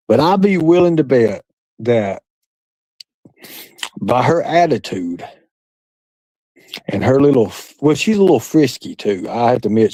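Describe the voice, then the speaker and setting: A man hosts a livestream, chatting with his viewers in a crude, boastful, rambling manner and laughing a lot. His voice is medium-pitched, warm and slightly rough. The low-quality recording has no echo.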